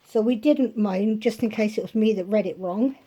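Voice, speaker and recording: A woman's voice: medium pitch, moderate pace, warm tone. A woman vlogging a grocery haul from her kitchen at home, talking casually and rambling into chatty asides.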